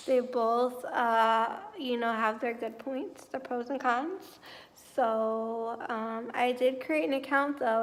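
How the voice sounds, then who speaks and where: A tired young woman chatting casually at home in a rambling vlog, full of fillers. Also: on the high side. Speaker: vlogger.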